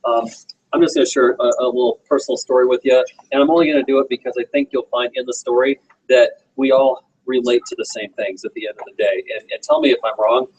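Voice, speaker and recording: A man's voice: medium pitch, fairly even intonation, quick pace, darkish tone, dull audio, slight background noise. A man in his forties speaking to a meeting audience, telling a personal story in an earnest, direct way. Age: 40s. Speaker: guest motivational speaker.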